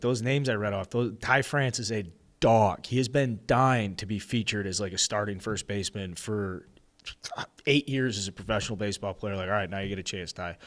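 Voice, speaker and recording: A man co-hosting a baseball podcast, talking casually and reading an ad in an excitable, rambling way with some swearing. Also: medium pitch. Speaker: podcast co-host. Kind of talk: casual sports podcast chat with ad read.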